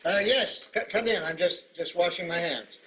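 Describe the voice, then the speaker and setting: Brief: a bright-toned, stammering therapist, curt and offhand, comedy sketch. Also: male voice, high voice, slight background noise, rough recording. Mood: dry. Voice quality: halting, stammering delivery. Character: brisk male therapist, blunt and offhand.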